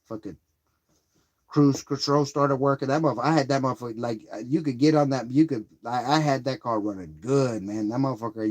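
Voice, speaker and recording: A man's voice: mid-range voice, a little fast. A man telling a rambling, profanity-heavy story on a live stream, getting heated as he retells a grievance. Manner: profane, rambling, swears constantly.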